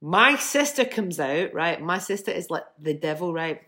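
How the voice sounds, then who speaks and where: A woman in her fifties, a musician telling stories from childhood in a chatty, animated way with bursts of laughter. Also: lowish voice, normal speed. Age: 50s. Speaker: guest, musician. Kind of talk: casual storytelling.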